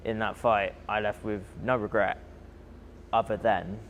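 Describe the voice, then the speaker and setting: A man's voice: fairly low pitch, measured pace, slight background noise. A young man, a boxer, vividly recounting his fight in a documentary interview. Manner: vivid, animated retelling with breathy asides.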